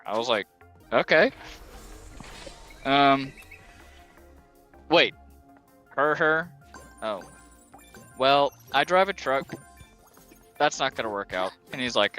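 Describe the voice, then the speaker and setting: Bright-voiced rambling male streamer. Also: medium pitch, expressive, measured pace, long pauses, faint music behind. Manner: rambling storyteller who acts out quotes. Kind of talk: casual chat while gaming.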